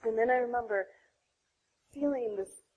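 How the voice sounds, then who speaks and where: Husky-voiced woman sharing an emotional testimony. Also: fairly high pitch, normal speed, phone-quality sound. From United States. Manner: emotional, animated storytelling with laughter. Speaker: speaker giving a testimony. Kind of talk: sermon-style testimony.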